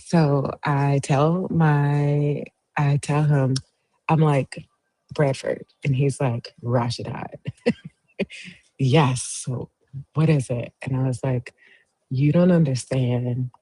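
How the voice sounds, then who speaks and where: Slow, husky-voiced woman host chatting. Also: a bass voice, steady tone, no room sound, rough recording. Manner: chatty storyteller, cheers viewers on warmly. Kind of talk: casual livestream chat, reading viewer comments.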